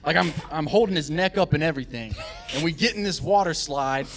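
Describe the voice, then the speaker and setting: Man, lively storyteller, slightly high voice, acts out quotes, live podcast. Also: a little fast. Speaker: guest storyteller.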